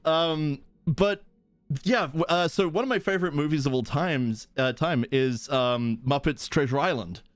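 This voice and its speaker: A man's voice: fairly high pitch, measured pace, no echo, soft background music. A man streaming live, chatting casually and playfully, giggling and goofing around with silly pronunciations. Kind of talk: casual livestream chat.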